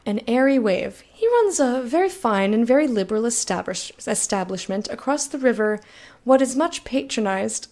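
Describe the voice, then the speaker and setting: A woman's voice: on the high side, very animated, moderate pace, few pauses, a little mellow. Chatty, foul-mouthed woman streamer. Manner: chatty, frank, swears freely, talks to chat. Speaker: game streamer. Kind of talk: casual let's-play chat, reading game text aloud.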